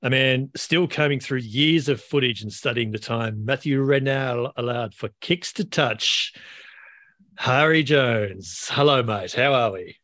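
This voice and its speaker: A man's voice: medium pitch, a little slow, a bit bright, dry recording. An Australian man hosting a sports podcast, with a dry, wry humor and a few fillers. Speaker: podcast host.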